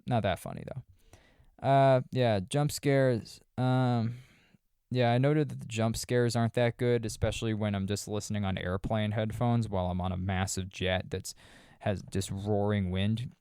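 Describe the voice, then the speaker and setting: A man's voice: fairly low pitch, fairly even intonation, measured pace, warm tone, smooth, dry recording, studio quality. A man hosting a podcast, casually reviewing a horror movie in a wry, sarcastic, rambling way. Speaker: podcast host.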